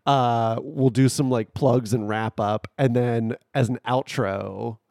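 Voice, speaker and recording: A man's voice: medium pitch, steady tone, slow pace, gravelly, mellow, no room sound, studio quality. A man in a casual podcast brainstorm, upbeat and joking. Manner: upbeat, jokey. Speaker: podcast guest.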